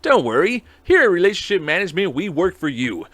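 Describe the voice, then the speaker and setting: A man voicing a fast-talking male salesman in a hard-sell parody ad, raised and punchy. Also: sits high, big pitch swings, fairly bright tone, no room sound, pitched above the performer's own voice, heavily acted. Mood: salesy. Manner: hard-sell infomercial delivery.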